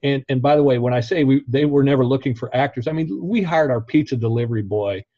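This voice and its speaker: A man's voice: mid-range voice, fast, no echo. A laid-back man, a guest on a podcast interview, chatting casually and laughing often. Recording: dull, muffled recording.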